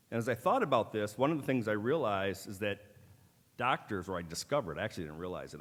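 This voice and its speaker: A middle-aged man with a fairly low voice delivers a formal ceremonial keynote. He talks in a measured, deliberate way and drops in dry, wry asides. His voice rings out through the long reverb of a large auditorium. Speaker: keynote speaker at a medical school ceremony.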